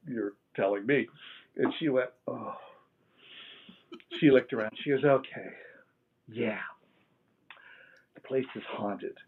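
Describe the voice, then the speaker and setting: Middle-aged male guest, lively storyteller, tinny phone-like sound. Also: medium pitch. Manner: animated storyteller acting out quoted dialogue. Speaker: interview guest. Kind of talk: storytelling in a live interview. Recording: tinny phone-line audio.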